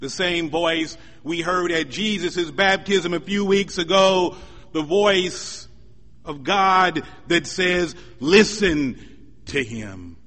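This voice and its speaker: A high-voiced man delivers a sermon at an unhurried pace. He preaches in a measured, emphatic way and builds his points through repetition. His voice rings out with the long reverb of a church hall. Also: bright, forceful tone. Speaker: pastor.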